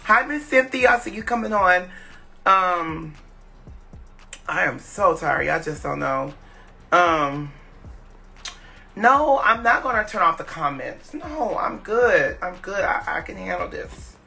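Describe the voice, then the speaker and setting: Man on a phone livestream, tired rambling chat, gravelly edge, bright tone, faint music underneath. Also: high voice, very animated. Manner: drawn-out, weary, halting with many fillers. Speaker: live streamer.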